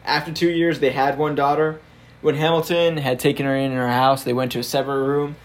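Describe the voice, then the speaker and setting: A man's voice: medium pitch, flat delivery, brisk. Young man casually retelling history. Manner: laughs often, storytelling with fillers. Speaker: podcast co-host telling a history story. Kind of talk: casual history podcast chat.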